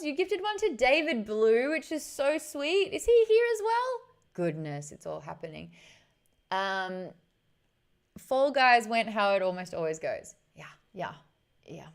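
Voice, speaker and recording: A young adult woman, chatting casually with viewers on a live stream, greeting the chat and laughing often. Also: mid-range voice.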